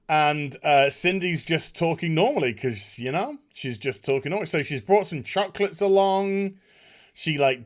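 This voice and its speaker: A man giving a casual spoken review of a TV episode, acting out the characters' lines as he recaps. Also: on the high side. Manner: animated, acts out characters' lines while recapping. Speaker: TV show reviewer.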